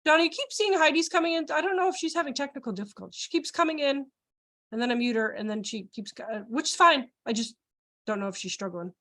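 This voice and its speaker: A woman leading an online child care training, animated and laughing often as she acts out voices. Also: sits high, fast. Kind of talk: live online training presentation.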